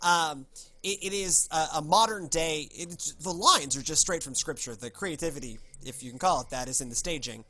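Brief: male podcast host, casual and rambling, slightly high voice. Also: moderate pace, pushed and bright. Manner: chatty, rambling with fillers. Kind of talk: casual chat and scripture reading.

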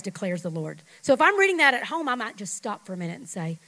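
A middle-aged woman pastor preaching a sermon, emphatic, leading the congregation in call-and-response and dropping at times to a hush. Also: on the high side, big pitch swings, fast, few pauses, poor audio. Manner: emphatic, swings from loud to hushed.

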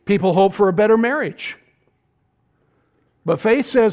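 A middle-aged man preaching a sermon in a folksy, animated way, tossing out asides to the congregation. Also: high-pitched, unhurried, long pauses. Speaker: pastor.

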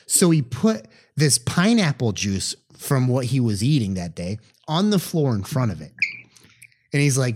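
A young man tells stories on a podcast with plenty of energy. He talks casually, acts out the voices of the people he quotes and swears freely. His voice sits at an ordinary middle pitch. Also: very animated, unhurried, darkish tone. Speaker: podcast co-host. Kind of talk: casual storytelling chat.

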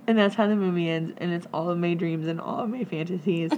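A woman's voice: on the low side, normal speed, slight background noise. Young woman podcast cohost, giggly, says like constantly, chatty movie recap. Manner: giggly, animated retelling with lots of "like". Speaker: podcast co-host. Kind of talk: casual chat.

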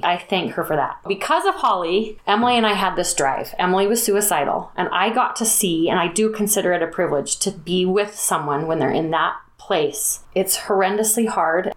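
A woman's voice: on the low side, moderate pace, few pauses. A middle-aged woman, a podcast guest, telling a personal story in an earnest, heartfelt, reflective way.

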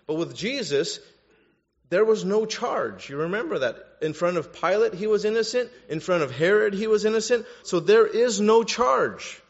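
A man preaching a sermon as a pastor, growing animated and louder to stress his points. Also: normal speed. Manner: animated, rises in pitch and volume for emphasis. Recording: dull lo-fi sound with long hall reverb.

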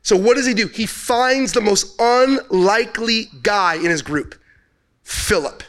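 High-voiced casual storytelling preacher, male. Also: a little slow, fairly bright tone. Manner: casual storytelling preacher who asks the audience questions. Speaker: pastor. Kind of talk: sermon.

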